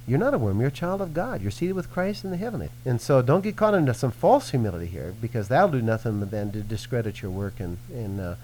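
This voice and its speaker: Male minister, lively swooping delivery, earnest teaching tone. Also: mid-range voice, quick pace, hardly any pauses, slight background noise, low-quality recording. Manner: earnest, animated preaching with acted-out quotes. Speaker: Christian minister. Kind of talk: teaching in a radio-style conversation.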